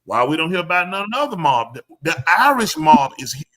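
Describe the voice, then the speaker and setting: A man talks animatedly on a live show, pressing every point hard. His voice is bright and sits a little high. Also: a little fast. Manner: animated, emphatic storyteller. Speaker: show host. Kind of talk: live show casual talk.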